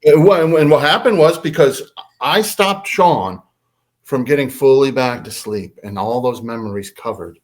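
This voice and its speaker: A man, a podcast guest, telling a story in a lively way and acting out quotes. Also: unhurried. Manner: lively, acts out quotes with big pitch swings. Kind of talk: animated storytelling.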